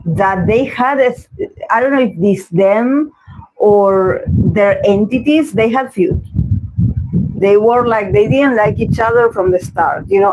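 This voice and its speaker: A man's voice: sits high, rough recording. A man from Argentina with an Argentine Spanish accent, a tarot reader giving rambling, opinionated commentary in a casual livestream chat.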